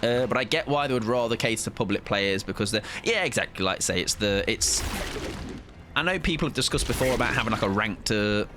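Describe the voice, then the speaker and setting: A man's voice: lowish voice, lively intonation, fast talker, noisy background. A young British man giving casual live gameplay commentary as a streamer, rambling, restarting sentences and swearing casually.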